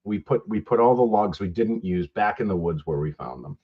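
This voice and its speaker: A man with a fairly low, husky voice tells loose, profanity-laced stories as a podcast co-host. The audio is dull and lo-fi. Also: lively intonation, fairly quick. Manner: rambling, profane storytelling with laughs. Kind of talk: casual podcast chat.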